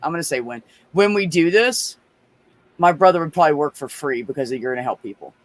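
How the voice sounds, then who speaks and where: Man guest on a casual chat show, slightly higher voice, animated, freely profane. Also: brisk. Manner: animated, swears freely, storytelling.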